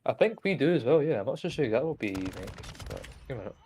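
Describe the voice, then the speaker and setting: A man's voice: medium pitch, sing-song, rapid-fire, darkish tone, a little hiss or hum. A young man, a British streamer rambling profanely in casual chat and laughing at his own jokes. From Britain.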